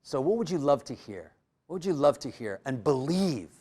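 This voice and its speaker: A man giving a live motivational workshop in a room full of people, energetic and coaching the audience with direct prompts. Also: mid-range voice, moderate pace. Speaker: workshop speaker.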